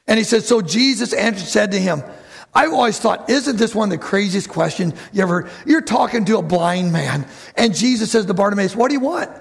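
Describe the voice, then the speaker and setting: High-pitched gravelly preacher man. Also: brisk. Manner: animated preaching, acts out bible voices, calls to the congregation. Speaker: pastor. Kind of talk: sermon. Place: church.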